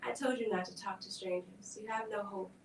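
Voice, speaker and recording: A woman reading the part of a harsh mother in her thirties, speaking in a sharp, scolding way. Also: mid-range voice, fairly even intonation, a little fast, a little hiss or hum, natural voice. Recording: echoey room, distant mic.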